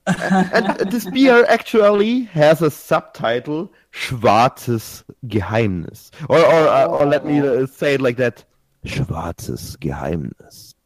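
Slow, hesitant man. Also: fairly high pitch. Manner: hesitant, many "uh"s. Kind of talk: casual chat.

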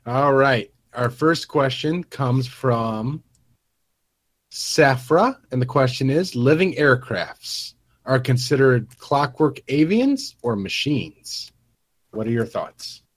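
Slow, blunt man reading out questions. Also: medium pitch, lively intonation. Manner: blunt, frank. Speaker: podcast co-host reading questions. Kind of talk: casual podcast chat.

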